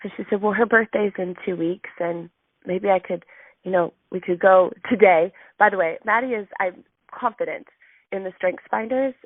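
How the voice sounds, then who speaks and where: A woman in her thirties, a sales team leader giving her weekly message, tells a heartfelt story in a motivational talk. Her medium-pitched voice moves at a normal speed, emotional and full of ums. The recording is dry, with a tinny phone-line sound.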